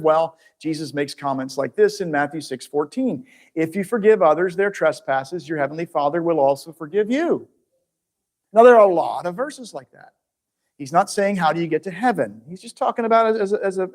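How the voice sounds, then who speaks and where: Chatty man teaching the Bible. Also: high voice. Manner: chatty, asks the audience questions, restarts mid-phrase. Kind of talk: conversational Bible teaching to viewers at home.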